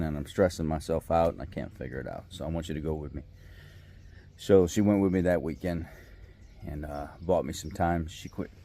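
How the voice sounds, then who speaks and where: Outdoors by a river, a middle-aged male vlogger tells a personal story in a rambling, folksy, heartfelt manner. His voice is mellow and extremely low-pitched.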